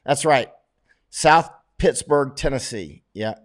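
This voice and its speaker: A man with a drawl hosting a casual livestream chat. His voice sits at a middling pitch, and he rambles and restarts his sentences often, with plenty of "uh" and "you know" as he answers viewers. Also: slow. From United States. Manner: rambling, with many fillers and restarts.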